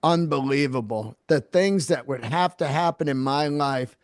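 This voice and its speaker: A man's voice: a little high, normal speed, dry recording. Profane storytelling comedian man, dry sound. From San Francisco Bay Area. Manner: animated, profane storyteller who acts out quotes. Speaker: comedian guest. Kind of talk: casual storytelling interview.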